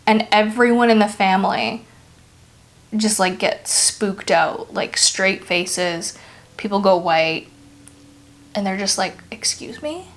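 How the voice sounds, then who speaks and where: A young woman from Brazil tells family ghost stories in a loose, chatty way, peppering her sentences with fillers. Her voice sits at an ordinary middle pitch, and she retells scenes with animated energy. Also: slow, long pauses. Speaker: storyteller, channel host. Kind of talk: casual spoken ghost storytelling.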